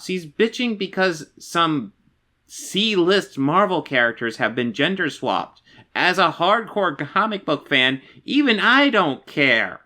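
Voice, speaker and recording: A man's voice: a little high, sing-song, a little slow, sharp tone. A man hosting a reaction video, chatting casually and sarcastically, swearing freely.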